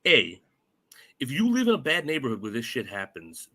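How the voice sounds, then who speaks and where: A man co-hosting a casual movie review podcast, talking in an animated way, swearing and acting out quotes in funny voices. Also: mid-range voice, normal speed. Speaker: podcast co-host.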